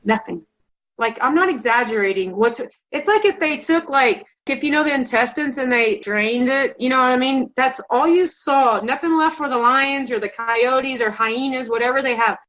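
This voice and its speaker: Telling her story as a hunting contest finalist, this woman from Colorado, United States, talks emotionally and casually in an interview, saying "like" constantly. She speaks at a moderate pace in a high voice with a fairly bright tone, over dull lo-fi audio.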